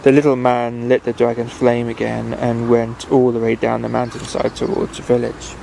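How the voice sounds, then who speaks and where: A man reads a bedtime story aloud at an unhurried pace, stopping now and then to restart a phrase. His voice has a gravelly, creaky texture. The pitch sits at a mid level. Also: monotone, background noise.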